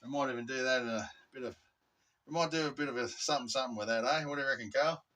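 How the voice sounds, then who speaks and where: A man's voice: mid-range voice, very fast, fairly bright tone, far from the mic. An Australian man hosting a casual backyard how-to vlog, chatty and laid-back with rambling asides. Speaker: channel host. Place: outdoors in a backyard.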